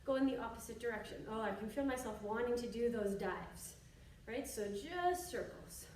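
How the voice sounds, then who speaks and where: A woman's voice: a little high, expressive, moderate pace, a little mellow. A woman teaching a stretching and yoga lesson while demonstrating, chatty and encouraging, slightly out of breath. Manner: chatty and encouraging, thinks aloud with asides. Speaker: yoga and fitness instructor. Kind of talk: instructional demonstration while exercising. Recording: echoey room, distant mic, faint hiss.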